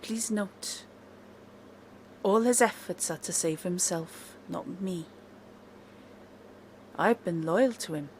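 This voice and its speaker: A woman voicing a wary captive male elf servant, speaking in a quiet, measured, grave way. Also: fairly low pitch, a little hiss or hum.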